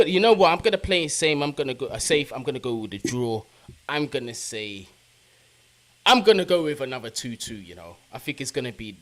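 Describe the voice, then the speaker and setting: A young man hosting a live football fan stream, casually giving shout-outs to viewers in the chat with plenty of slang. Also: on the low side, slight background noise. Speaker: football fan channel host.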